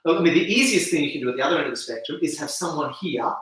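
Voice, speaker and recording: Interview guest, male, animated explainer with a bright tone; recorded off-mic in an echoey room. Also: fairly high pitch, very fast, distant mic. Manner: animated, acts out reactions with gasps and laughs. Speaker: video campaign founder, guest.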